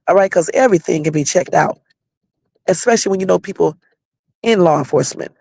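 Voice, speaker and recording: A woman's voice: medium pitch, vocal fry, a little mellow, no echo. A woman hosting her own livestream, bluntly and confrontationally sounding off while talking straight to her viewers. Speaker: livestream host. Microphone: home livestream setup.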